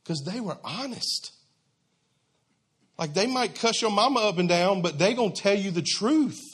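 A man's voice: sits high, expressive, normal speed, a bit bright, slightly rough. A man preaching a sermon in a conversational, emphatic, folksy way.

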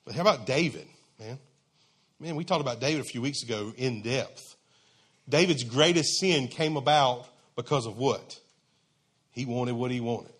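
A man's voice: mid-range voice, moderate pace, a bit bright, slightly rough. A man preaching a sermon in a conversational, emphatic, folksy way.

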